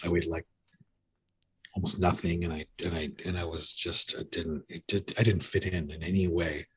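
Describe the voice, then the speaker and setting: A man's voice: low-pitched, flat delivery, moderate pace, husky. A man in his fifties telling his recovery story in a candid, self-mocking way, full of restarts. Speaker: podcast guest. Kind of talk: recovery story told in casual conversation.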